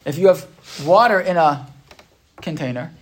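A man teaching a class, reading texts aloud slowly and explaining them, often checking in with "right?". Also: fairly high pitch, animated. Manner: reads Hebrew texts slowly then explains. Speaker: Torah teacher. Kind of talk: text-based class lecture.

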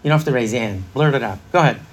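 A man's voice: medium pitch, racing, breathy edge. A middle-aged man leading an interactive parenting workshop, chatty and laughing, quizzing a live audience.

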